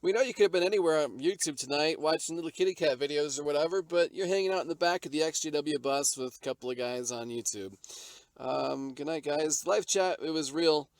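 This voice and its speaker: Man, podcast host, fairly high voice, dry sound, exasperated. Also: a little fast, no echo. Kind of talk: live-stream podcast chat.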